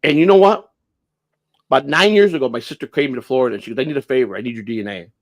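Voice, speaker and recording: A man's voice: mid-range voice, very fast. A man around sixty telling a family story on a livestream, blunt and profane, repeating and restarting as he goes. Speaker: livestream host.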